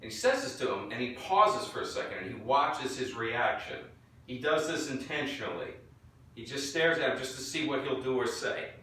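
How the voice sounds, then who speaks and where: A man's voice: medium pitch, moderate pace. A man from Florida telling a profane story casually and acting out the voices of the people in it. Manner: profane, animated, acts out quotes. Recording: echoey room, distant mic, faint noise.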